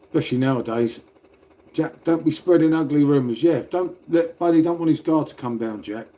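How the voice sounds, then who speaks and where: Pria Inggris santai, suara agak tinggi namun gelap. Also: male voice, fairly high pitch, brisk, mellow. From Britain. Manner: rambling, laughing, swearing, talking to viewers. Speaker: livestreamer reading chat. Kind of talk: casual live chat. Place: indoors at home next to a radiator.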